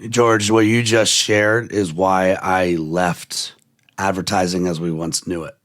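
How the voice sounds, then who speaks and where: A man's voice: low-pitched, slow pace. A man hosting a podcast, rambling animatedly in conversation and acting out what others said. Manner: animated, rambling, acts out quoted voices. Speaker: podcast host. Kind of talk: conversational interview.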